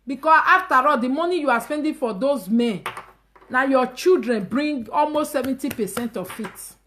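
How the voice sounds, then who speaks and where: A woman speaking Nigerian Pidgin English, hosting a casual live stream and ranting emphatically and mockingly, with loud outbursts and low asides. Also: lively intonation, moderate pace, a little hiss or hum. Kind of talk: animated casual rant.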